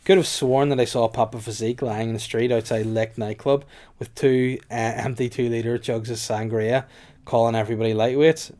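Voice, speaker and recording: A man's voice: medium pitch, steady tone, moderate pace, warm tone. A man with a Northern Irish accent hosting a casual comedy podcast, joking around and slipping into silly voices. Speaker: podcast host.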